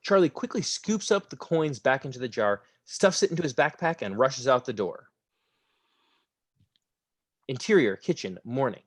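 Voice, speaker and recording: A man reads the stage directions of a script at a table read, animated in delivery. His pitch moves a lot, and the sound is dry and close. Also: moderate pace, long pauses, husky, no echo.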